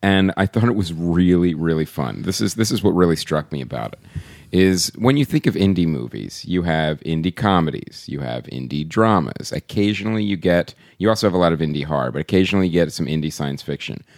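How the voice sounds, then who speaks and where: A man's voice: deep voice, expressive, fairly quick, darkish tone, dry recording, studio quality. A man with a Philadelphia accent co-hosting a podcast, teasing and chatty in casual talk. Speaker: podcast co-host. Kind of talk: casual chat.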